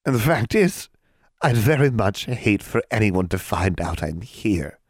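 A wheedling, falsely sweet old hag from a storybook, put on by a male reader. The voice sits well above the man's own deep register and drips with cunning. It sounds a little distant from the mic in a dry, dead room. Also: very animated, unhurried, no room sound, exaggerated voice.

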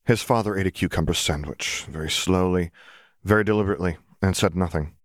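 A man narrates a story at a steady, deliberate pace. His voice is deep and low. The recording is dry, with no room echo.

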